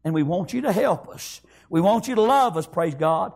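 A man preaching a sermon in a folksy, rhythmic way, dropping to hushed lows and rising to raised calls. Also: animated, moderate pace, creaky. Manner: folksy, nonstandard grammar.

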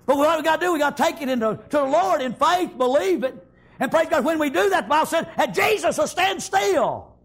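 High-pitched shouting preacher. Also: male voice, expressive, fairly quick, creaky. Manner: shouting, sing-song preaching with frequent amens. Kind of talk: sermon.

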